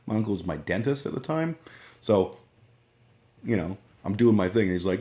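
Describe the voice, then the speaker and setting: A fairly low-pitched man talks on a live stream, reacting to a clip. His delivery is casual, sarcastic and full of swearing. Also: lively intonation, moderate pace, pauses often, dark tone. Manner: profane, sarcastic.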